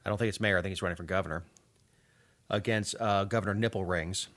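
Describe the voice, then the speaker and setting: A man's voice: sits low, fairly even intonation, fast talker, a bit bright. A man, co-hosting a casual political podcast with wry, rambling sarcasm. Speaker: podcast co-host.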